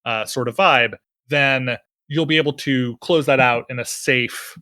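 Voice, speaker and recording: A man talks through tabletop game rules in a loose, enthusiastic way, with plenty of fillers. His tone is bright and forward. The sound is close and dry. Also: mid-range voice, fairly even intonation, unhurried, no echo. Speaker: podcast co-host explaining game rules. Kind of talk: casual explanatory chat.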